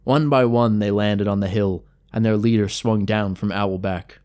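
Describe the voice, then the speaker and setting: A man's voice: on the low side, steady tone, moderate pace, a little mellow. Man narrating a fantasy story. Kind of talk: storybook narration of a tabletop campaign.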